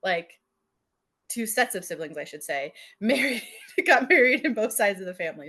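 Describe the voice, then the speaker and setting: A young woman in casual conversation about a book, talking in a loose, rambling way full of fillers and restarts. Her voice sits at an ordinary middle pitch. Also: very animated, normal speed, sharp tone, breathy edge. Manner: chatty, many fillers and restarts, laughs often. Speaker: podcast co-host.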